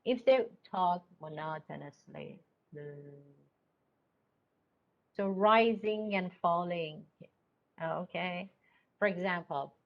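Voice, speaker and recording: Woman, teacher trainer, slow and methodical lecture delivery, keeps checking in with the class, muffled lo-fi sound. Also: lowish voice, gravelly. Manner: explains step by step, checks in with "okay?". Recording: dull lo-fi recording.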